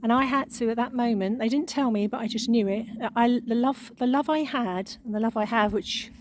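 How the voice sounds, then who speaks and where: A woman giving an emotional spiritual monologue, halting and repeating words, with frequent sighs. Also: fairly high pitch, a little hiss or hum, rough recording. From England. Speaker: spiritual channel.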